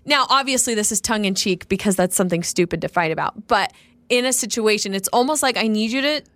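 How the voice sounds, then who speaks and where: A woman's voice: medium pitch, quick pace, fairly bright tone, no room sound. A woman co-hosting a podcast with her husband, talking earnestly and casually, acting out lines she quotes. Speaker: podcast co-host. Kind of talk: casual couple chat.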